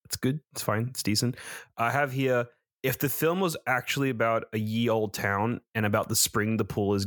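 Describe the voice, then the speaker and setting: A rambling man with a lowish voice talks films with a co-host. He trips over his own sentences and swears casually. The sound is close and dry. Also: fairly bright tone, no echo. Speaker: podcast co-host, film reviewer. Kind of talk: casual review chat.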